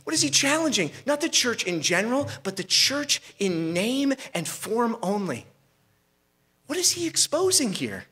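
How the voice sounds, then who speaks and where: Animated high-pitched male preacher. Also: slightly rough. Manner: animated preaching with rhetorical questions and repeated restarts. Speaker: pastor. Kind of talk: sermon.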